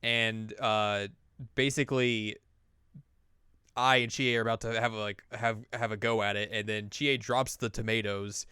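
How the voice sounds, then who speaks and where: A man hosting a podcast chats in a relaxed way, recapping an anime and acting out its scenes. His voice is smooth and clear at a middle pitch, heard dry and close to the mic. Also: a little slow, no echo. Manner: chatty, acts out the scenes he recaps. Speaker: podcast host. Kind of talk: casual chat recapping an anime.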